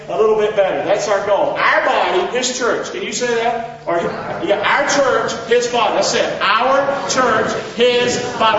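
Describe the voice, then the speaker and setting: A man preaching a sermon as pastor, fervent, asking the congregation to answer him back. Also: sits high. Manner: fervent, call-and-response preaching. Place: church sanctuary. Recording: echoey hall, distant mic, dull.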